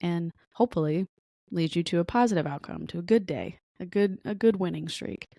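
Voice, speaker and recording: A woman's voice: on the low side, brisk, gravelly, mellow, no echo, clean studio sound. A young woman hosting a podcast alone, talking in a candid, rambling way with self-mocking laughs before turning encouraging. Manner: encouraging pep talk. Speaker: podcast host. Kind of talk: casual solo podcast monologue.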